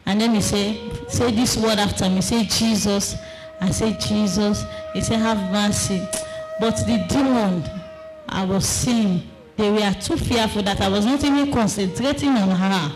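A woman's voice: mid-range voice, measured pace, low-quality recording. A woman giving an emotional spoken testimony, impassioned and crying out at times. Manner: impassioned, cries out and shouts at times. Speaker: testimony speaker. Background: music.

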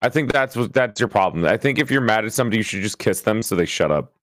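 A man's voice: on the low side, expressive, fast talker, a bit bright, dry recording. A man joking with friends in a casual stream chat, playful and mock-tough. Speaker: streamer guest.

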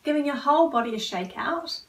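Calm woman coaching a guided exercise. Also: sits high, a little fast, recorded from a distance, rough recording. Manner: calm, coaching, drops to a near whisper at times. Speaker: wellbeing trainer.

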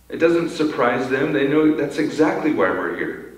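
This pastor preaches at an unhurried pace, his medium-pitched voice full of lively intonation. Earnest, he tends to repeat words when starting a sentence. The sermon echoes heavily through the church sanctuary, recorded from far away.

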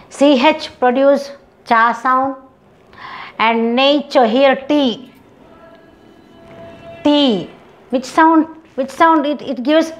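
A woman from India with an Indian English accent, teaching English phonetics and repeating each example word slowly several times. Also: fairly high pitch. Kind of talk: phonetics lesson with slow repeated example words.

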